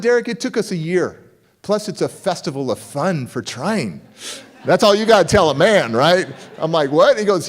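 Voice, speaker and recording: A man in middle age tells a story from a conference stage. His voice is fairly high and swings widely as he acts out the people he quotes. He speaks as a motivational speaker addressing an audience. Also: very animated, a little fast. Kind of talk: keynote storytelling speech. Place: conference hall.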